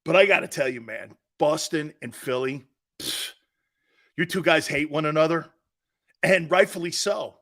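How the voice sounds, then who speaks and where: A middle-aged man with an East Coast American accent, hosting a sports talk show in brash, loud, joking banter. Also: a little high, normal speed. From Northeastern United States. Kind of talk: casual live show banter.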